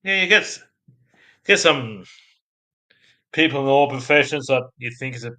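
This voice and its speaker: An Australian man streaming live with a bright, forceful voice. He rambles loosely from one thing to the next and keeps breaking into laughter at his own crude humor. His pitch sits right in the middle for a man. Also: lively intonation, normal speed. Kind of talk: casual live-stream chat, reading out viewer comments.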